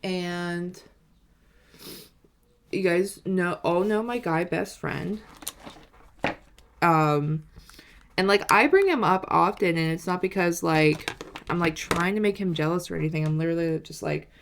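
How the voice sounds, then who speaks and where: A woman's voice: fairly low pitch, a little slow, long pauses, a little hiss or hum. A woman in her twenties telling a dating story in a rambling, casual way, with lots of "like" and "you know". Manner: animated, acts out quoted lines. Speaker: vlogger.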